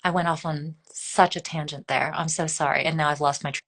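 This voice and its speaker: Thoughtful woman, low and meandering. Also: fairly even intonation, a little fast, gravelly, fairly bright tone. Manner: thoughtful, meandering with many fillers and restarts. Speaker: interview guest, AI artist. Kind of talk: reflective conversational interview.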